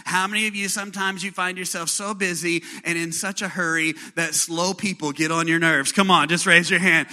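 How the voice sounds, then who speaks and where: A man preaching a sermon to a congregation, animated and playful, acting out little scenes and leading call-and-response. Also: high-pitched, a little fast, hardly any pauses. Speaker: pastor.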